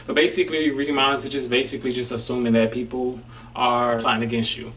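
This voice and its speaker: A man's voice: medium pitch, flat delivery, quick pace, a bit bright, distant mic, slight background noise. A man talking casually in a vlog, laid-back and slangy, with loose run-on phrasing, about his experience as a DJ. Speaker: vlogger and DJ.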